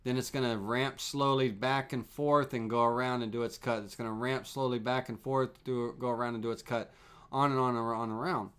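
A man walks viewers through CNC toolpath settings on a live stream. He talks in an easygoing way, repeats phrases as he clicks through the software, and uses plenty of fillers. His voice sits at an ordinary middle pitch. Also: brisk, clear, resonant tone. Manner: relaxed, repetitive explaining with fillers. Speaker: CNC woodworking instructor.

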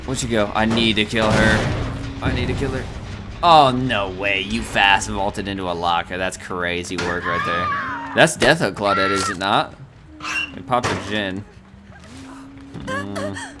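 A man giving live commentary on his own gameplay, excitable and talking to himself as he plays. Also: fairly low pitch, unhurried, background noise. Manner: excitable, talks to himself while playing. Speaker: gaming streamer. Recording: game music loud behind.

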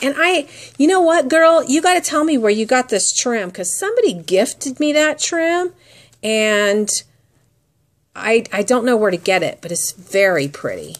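A woman's voice: on the low side, vocal fry. A woman crafting vlogger chatting casually as she shows off handmade gifts, gushing and admiring as she goes. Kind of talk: casual unboxing chat.

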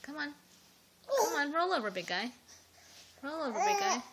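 High, lively woman coaxing a baby. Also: moderate pace, heavy background noise. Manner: coaxing and teasing, urging the baby on. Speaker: parent filming her baby. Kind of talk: casual home video, talking to a baby. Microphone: phone camera.

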